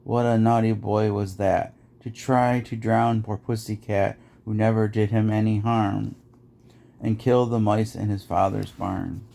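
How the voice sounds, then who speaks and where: A man's voice: lowish voice, little pitch movement, a little slow, creaky, dark tone. A man reading nursery rhymes aloud in a rhythmic, sing-song way, as host of a podcast.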